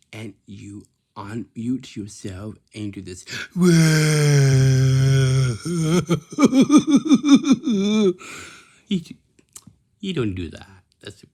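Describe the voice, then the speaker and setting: Speaking at a fairly low pitch with a darkish, breathy tone, a man gives casual workplace advice. He is repetitive and scolding, frequently checking in with "right?".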